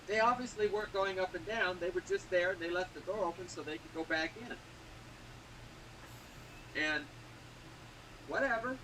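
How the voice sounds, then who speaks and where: Guy rambling through stories in casual chat, kinda high voice, noisy background. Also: pushed and bright. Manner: rambling storyteller, chuckles. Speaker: vlogger.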